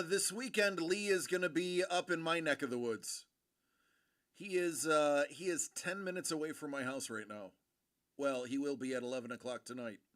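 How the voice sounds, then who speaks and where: A man's voice: medium pitch, a bit bright. A young man streaming late at night, sleepy and rambling in casual chat. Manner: drowsy, rambling.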